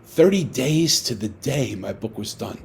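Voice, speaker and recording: A man, an author, telling a personal story in a lively way and acting out the dialogue, over a video call. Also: medium pitch, measured pace, vocal fry, a little hiss or hum. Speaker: author guest. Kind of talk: storytelling talk.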